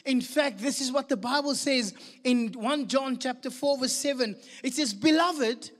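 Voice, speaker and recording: Male pastor, high voice, storytelling sermon in a long-reverb hall. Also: normal speed. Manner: storytelling, lively and animated with laughter.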